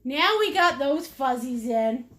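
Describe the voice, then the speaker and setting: Giggly high-voiced woman teaching painting. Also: animated, slow pace, a bit bright. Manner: silly, giggly, playful with made-up words; chats with viewers' comments while painting. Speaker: painting instructor. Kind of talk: live-streamed painting lesson.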